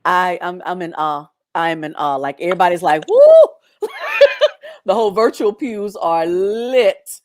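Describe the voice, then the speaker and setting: A woman hosts an online interview. Her voice sits very low and sounds dry and close to the mic. She speaks to her guest in an effusive, responsive manner over a video call. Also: moderate pace, hardly any pauses, dry recording. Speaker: host.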